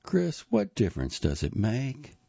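A man reading an audiobook, voicing a tired, stubborn older mother who talks plainly and defends herself quietly. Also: mid-range voice, huge pitch swings, a little slow, vocal fry, slightly rough, no echo, muffled recording, voice pushed up, heavily acted.

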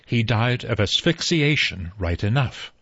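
A man's voice: mid-range voice, animated, unhurried, fairly bright tone, breathy edge, dry recording, exaggerated voice. A man reading a novel aloud, voicing a brusque middle-aged doctor who speaks in a matter-of-fact way, on a dull lo-fi recording. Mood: grave.

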